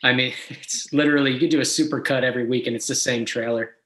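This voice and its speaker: A man's voice: medium pitch, steady tone, fast, fairly bright tone, roomy sound. A man co-hosting a podcast, talking in a wry, teasing, blunt way. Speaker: podcast co-host. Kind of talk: casual podcast chat.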